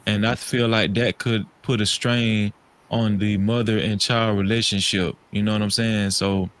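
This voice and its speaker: A man co-hosting a podcast, talking in a relaxed, thoughtful way with frequent restarts and "you know". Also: on the low side, normal speed. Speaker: podcast co-host. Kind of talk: casual chat. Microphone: studio microphone, podcast setup.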